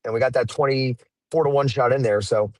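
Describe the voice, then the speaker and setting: A man co-hosting a casual horse racing betting chat, easygoing and relaxed as he runs through his ticket. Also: medium pitch, fairly quick. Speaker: co-host handicapper.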